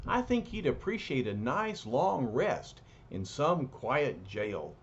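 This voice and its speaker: A man's voice: medium pitch, big pitch swings, takes it slowly. A man voicing a noble, formal male thunder god warrior, in a dull lo-fi recording.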